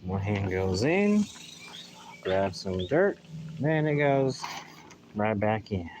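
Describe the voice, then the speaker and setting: Low-voiced man, sarcastic garden vlog chat. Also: very animated, slow pace, noisy background. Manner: rambling, sarcastic mock enthusiasm. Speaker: gardening vlogger. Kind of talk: casual live vlog chat while potting plants. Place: outdoor garden. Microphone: phone held in hand.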